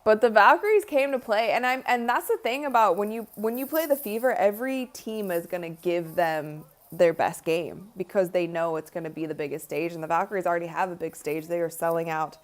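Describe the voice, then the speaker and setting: A woman's voice: on the low side, brisk, hardly any pauses. A young woman giving casual live commentary at a watch party, chatty and tired, yawning now and then. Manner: chatty, frequent "like" and "honestly". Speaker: livestream host.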